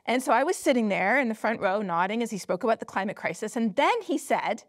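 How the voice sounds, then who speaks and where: A woman's voice: on the high side, lively intonation, fast talker, hardly any pauses. A woman climate scientist giving a public lecture, telling stories with emphatic rhetorical questions and frequent laughter. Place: lecture hall at a company headquarters.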